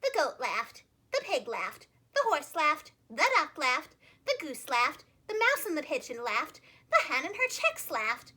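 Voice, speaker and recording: Storyteller for kids: young female teacher, very bright high voice, lively ups and downs. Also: a little slow. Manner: warm, expressive read-aloud delivery. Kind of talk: children's storybook read-aloud.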